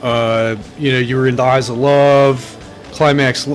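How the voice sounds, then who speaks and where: A man's voice: mid-range voice, little pitch movement, measured pace. A man with a Delaware accent hosting a comedy podcast, rambling in casual comic chat, poking fun at himself and calling himself by name. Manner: rambling, self-mocking, calls himself by name.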